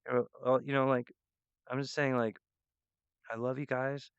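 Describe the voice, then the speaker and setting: A man rambling earnestly and emotionally to his viewers, halting often with restarts and fillers. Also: medium pitch, little pitch movement, smooth, no echo, lo-fi sound. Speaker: artist addressing viewers. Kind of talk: rambling direct-to-camera monologue.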